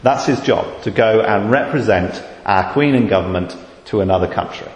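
A British man preaching a sermon, measured and deliberate, rising to fervent emphasis on key words. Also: lowish voice. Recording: echoey hall with long reverb.

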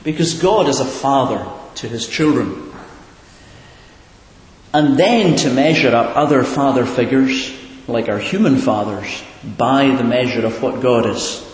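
A man's voice: mid-range voice, a little slow. A man preaching in an earnest, questioning way, often repeating a word as he searches for the next. His voice carries through a large hall with a long, reverberant tail. The recording is roomy and distant. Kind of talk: sermon. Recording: echoey hall, far from the mic.

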